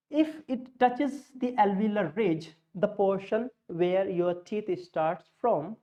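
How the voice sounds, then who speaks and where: A woman teaching pronunciation, slow and deliberate, repeating key words as she demonstrates sounds. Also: mid-range voice, dark tone, muffled recording. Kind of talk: spoken English lesson.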